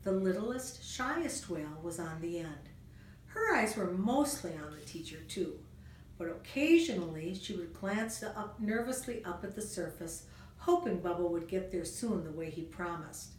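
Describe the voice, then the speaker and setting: A woman reading a children's storybook aloud in a gentle, expressive storytelling manner. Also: on the low side, a little slow. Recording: roomy room, distant mic, faint noise.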